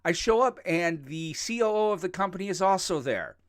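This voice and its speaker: A man co-hosts a podcast in a loose, rambling chat, cracking jokes as he goes. His pitch swings widely and stays lively, and the sound is dry and close with no room echo. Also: a little fast. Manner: jokey, rambling, laughs often. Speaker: podcast co-host. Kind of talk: casual chat.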